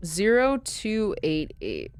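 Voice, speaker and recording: Woman game streamer, lively swooping pitch, casual chat with viewers. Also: slow, slight background noise. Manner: chatty, talks to viewers while playing; reads in-game notes aloud. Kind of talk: casual gameplay commentary.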